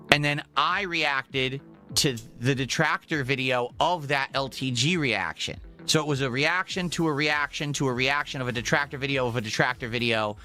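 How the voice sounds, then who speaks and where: A man on a live stream delivers a repetitive, self-assured rant. His voice sits a little high and comes out bright and forceful, pushing every point home. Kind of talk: ranting stream monologue.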